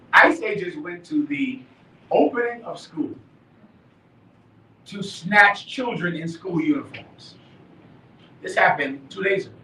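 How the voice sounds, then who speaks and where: High-voiced preacher, emphatic, in an echoey room. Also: male voice, far from the mic, slight background noise. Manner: emphatic, swings from quiet to shouting, laughs and swears. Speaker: class leader. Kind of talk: fiery live preaching to a class. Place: live meeting room.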